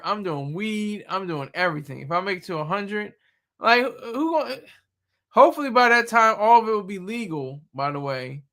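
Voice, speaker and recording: Young male streamer, bright gravelly voice, loose joking delivery, laughs a lot. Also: high voice. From Delaware. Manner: joking, laughs often, rambling. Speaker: livestream host. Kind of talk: casual live chat.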